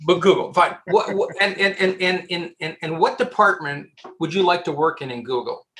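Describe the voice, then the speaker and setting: Animated headhunter man. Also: high voice, moderate pace, slight background noise. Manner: animated and joking, with frequent restarts. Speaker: headhunter and interview guest. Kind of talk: casual advice in a podcast interview.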